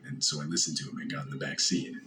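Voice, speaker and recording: A man narrating a first-person horror story in a steady, measured way. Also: background noise. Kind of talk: scripted narration.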